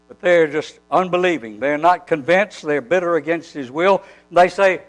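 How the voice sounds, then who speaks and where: A man preaching a sermon, telling a Bible story with animated storytelling and acting out the dialogue. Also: fairly high pitch, normal speed, hardly any pauses, low-quality recording.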